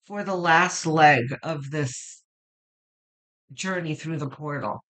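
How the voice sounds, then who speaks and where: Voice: mid-range voice, slow pace, pushed and bright. A tarot reader giving a weekly reading to viewers, reflective and rambling, with many fillers and restarts, and emotional, moved near tears.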